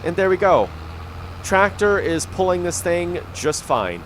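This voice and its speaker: A man's voice: high voice, very animated, unhurried, fairly bright tone, slight background noise. Man chatting loosely over a farming game. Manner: rambling, easygoing, lots of ums. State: has the hiccups. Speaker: gaming YouTuber. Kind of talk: casual gameplay commentary.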